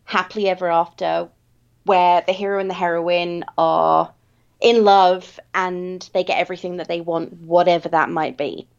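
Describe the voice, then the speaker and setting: A woman talking in a measured, reflective way in a casual book chat, stretching out her phrases. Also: on the low side, flat delivery, creaky, clean tone, muffled recording.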